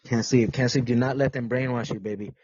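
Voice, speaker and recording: A man hosting his own podcast in a rough, husky voice, rambling and teasing with crude words and frequent restarts. The sound is dry and close, with no room around it. The mic gives a dull, lo-fi tone. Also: mid-range voice, steady tone, fast talker, darkish tone, dry recording. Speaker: podcast host. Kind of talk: casual rambling podcast rant.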